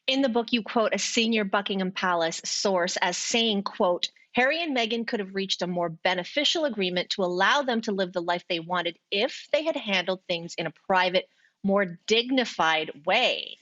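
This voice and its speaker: A woman co-hosting a talk show, asking a guest clear, composed questions. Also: mid-range voice, expressive, moderate pace, fairly bright tone, highs cut off. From Canada. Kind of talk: studio interview questions.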